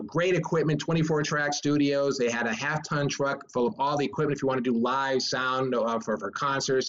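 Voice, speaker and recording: A man from the US East Coast talks as a guest on a podcast, with a mid-range voice. He tells his stories haltingly, restarting his sentences again and again. His voice comes through a dull, muffled remote line. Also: mid-range voice. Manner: rambling, halting, many restarts. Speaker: guest, filmmaker and author. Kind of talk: casual interview chat.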